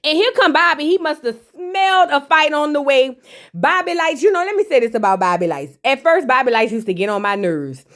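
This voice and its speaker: High-voiced sassy woman recapping TV. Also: expressive, fairly quick, a bit bright. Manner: sassy, slangy, teasing asides to viewers. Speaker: reality TV recap host. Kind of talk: casual recap with commentary.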